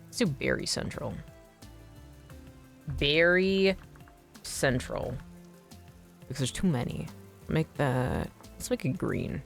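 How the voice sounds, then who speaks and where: A woman's voice: deep voice, sing-song, slow, vocal fry, pauses often. A young woman chatting casually while streaming a game, rambling and swearing easily, with faint music behind her. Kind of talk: casual gaming stream chat.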